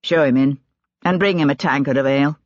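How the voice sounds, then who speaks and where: A reader voicing a sharp-tongued aristocratic lord who speaks in a calm, clipped, commanding way, for an audiobook. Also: medium pitch, a little fast, no echo, natural voice. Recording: dull, dry lo-fi recording.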